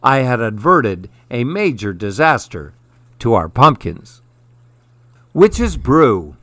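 A man's voice: mid-range voice, sing-song, slow pace, fairly bright tone, dry recording. Man reading a storybook aloud, dry sound. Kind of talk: storybook narration.

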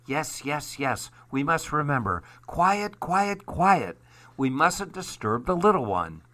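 A man plays a proud, stubborn storybook goose who argues with a lofty, self-important air. The voice is lifted a little above a plain reading voice and stays bright, and every line sounds sure of itself. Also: on the high side, big pitch swings, slow, voice pushed up, exaggerated voice. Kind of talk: storybook read-aloud.

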